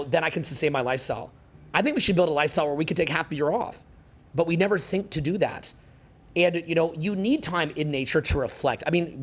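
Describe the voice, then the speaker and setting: A man in his forties giving a casual, rambling seminar talk, swearing freely and peppering his speech with fillers. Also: on the high side. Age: 40s. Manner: rambling, profane, animated, filler-heavy. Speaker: seminar speaker.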